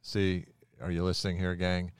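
A middle-aged man with a very low voice tells a story on a podcast and acts out each character as he goes. The sound is dry and close, as if recorded in a small studio. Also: normal speed, clean tone, no echo. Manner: animated storyteller who acts out the quoted lines. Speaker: podcast host. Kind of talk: casual Bible storytelling chat.

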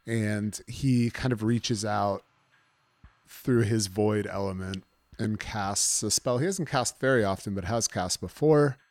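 A man playing a tabletop game, joking with the table and narrating his character's actions in a playful, drawn-out way. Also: on the low side, darkish tone, no room sound. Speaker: player.

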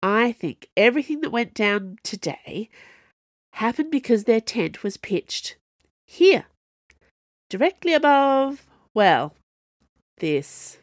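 A woman voicing a calm, knowing retired woman assassin in an audiobook, speaking gently. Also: fairly high pitch, takes it slowly, pauses often, no echo, studio quality, voice pushed up.

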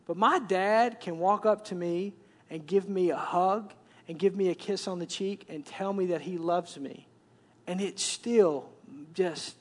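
A man's voice: high-pitched, fairly bright tone. A man, preaching a conversational sermon and repeating words as he builds up. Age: 40s. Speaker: pastor.

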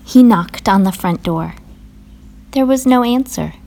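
A woman reading a children's story aloud for young listeners, at an unhurried, very slow pace. Her pitch sits in a plain middle range, and she reads gently and clearly. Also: expressive.

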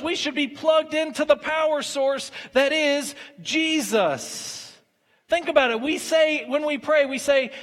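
Recorded with the long reverb of a large hall, a very high, fairly bright male voice delivers a sermon. The pastor, in his thirties, keeps it conversational and acts out small everyday scenes along the way.

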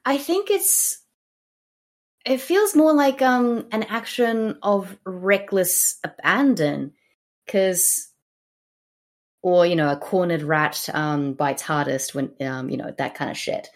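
A woman's voice: fairly low pitch, slow pace. Woman co-host, casual and profane, hesitant. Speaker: podcast co-host. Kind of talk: casual discussion.

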